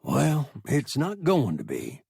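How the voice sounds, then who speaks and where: Guy reading tough space captain, firm n quiet, slow gravelly voice. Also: mid-range voice, wildly swooping pitch, no echo, studio quality, voice pushed up, full character voice. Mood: bitter. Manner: firm, trying to sound soft. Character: tough older male spaceship captain, gruff.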